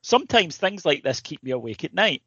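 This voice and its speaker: Man, podcast co-host, fairly high voice, dry dull lo-fi sound, animated, swears freely. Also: brisk, breathy edge, no room sound. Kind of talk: casual comedic chat.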